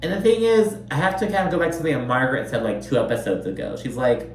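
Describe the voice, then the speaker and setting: A man chats his way through a reality show recap in a loose, profane style, leaning on "like" throughout. His voice sits at an average pitch and echoes in a roomy space. The mic stands back from him, with a faint hum underneath. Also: very animated, very fast, distant mic. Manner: chatty, profane, lots of "like". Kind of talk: casual recap commentary.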